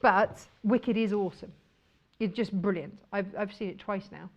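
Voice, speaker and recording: A woman's voice: medium pitch, normal speed, highs cut off. A woman presenting fabrics on a shopping channel, chatty and enthusiastic. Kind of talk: chatty live sales presentation.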